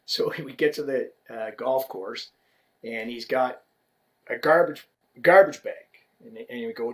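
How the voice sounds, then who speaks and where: A middle-aged man, a podcast guest, telling a story in a casual, animated way with mock indignation. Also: mid-range voice, a little slow, poor audio.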